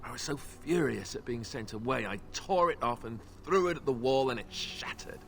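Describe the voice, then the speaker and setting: An actor playing a rueful, stubborn young male warrior in a video game, speaking softly and wistfully. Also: mid-range voice, animated, normal speed, creaky, slight background noise.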